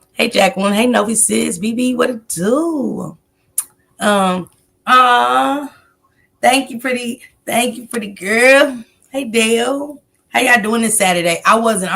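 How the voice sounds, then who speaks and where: A woman's voice: mid-range voice, gravelly, fairly bright tone. A woman hosting a casual livestream, greeting viewers by name and rambling loosely between comments. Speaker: livestream host.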